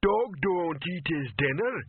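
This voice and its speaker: Man putting on a slow, blunt troll. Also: on the high side, animated, slightly rough, no echo, pitched above the performer's own voice, heavily acted. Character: slow, dim-witted male troll. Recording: narrow phone-like audio.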